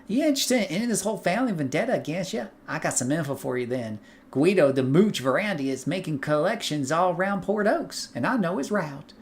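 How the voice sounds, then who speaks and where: A man's voice: high-pitched, creaky, voice pushed up. A man putting on a drawling shady Southern fixer. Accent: put-on Southern US. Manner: wheeling-dealing, chummy, drawling. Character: fast-talking shady male underworld informant.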